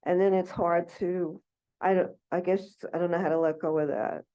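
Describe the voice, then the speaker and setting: A woman's voice: fairly low pitch, fairly even intonation, normal speed, dark tone. A woman in a class, asking hesitantly how to let go, often restarting as she searches for words. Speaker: class participant. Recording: dull lo-fi recording.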